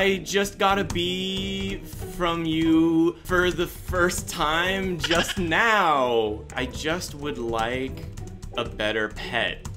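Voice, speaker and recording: Excitable guy narrating his game for viewers, voice jumps all over, gasps and squeals, music playing behind. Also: fairly high pitch, slow pace. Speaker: gaming channel host. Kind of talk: excited gameplay commentary. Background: background music.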